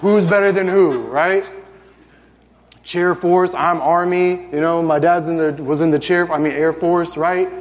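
A man in his thirties preaching a sermon, telling stories with lively acted-out voices. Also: fairly high pitch, measured pace, big-room sound. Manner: animated storytelling, acts out family scenes.

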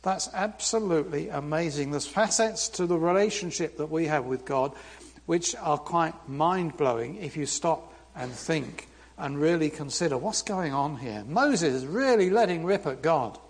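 A British man preaching a sermon in a church, reading scripture with lively, humorous asides. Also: on the high side, moderate pace, long reverb tail. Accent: British English. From Britain.

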